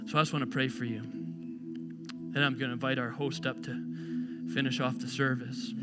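A man preaching a sermon at a church service, earnest, building to emphatic repetition and easing back to a quiet prayer. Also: medium pitch, steady tone, moderate pace. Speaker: pastor. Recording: clear music playing behind. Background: music.

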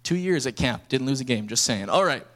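A young man, preaching a lively sermon as a pastor and acting out stories. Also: mid-range voice, brisk. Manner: energetic storytelling preacher, acts out dialogue.

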